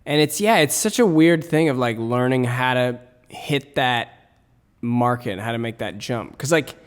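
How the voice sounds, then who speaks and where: A Canadian man in his thirties talks in a medium, everyday pitch. He chats easily as an interview guest, slipping into the voices of people in his stories. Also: measured pace, smooth, in a large hall. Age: 30s. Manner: relaxed storytelling, acting out quoted exchanges. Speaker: guest comedian. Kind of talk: casual interview chat.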